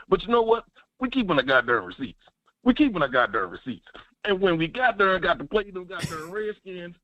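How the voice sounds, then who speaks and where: A man calling into a sports radio show, talking fast and fired up, with lots of repetition and cussing. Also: high-pitched, no echo. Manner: animated, swears, preachy repetition. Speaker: caller. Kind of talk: excited sports call-in. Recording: muffled phone line.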